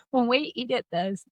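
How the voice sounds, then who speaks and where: A New woman co-hosting a podcast, tired and animated, swearing freely and laughing often in casual chat. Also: high-pitched, no room sound, studio quality. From New Zealand. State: worn out. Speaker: podcast co-host.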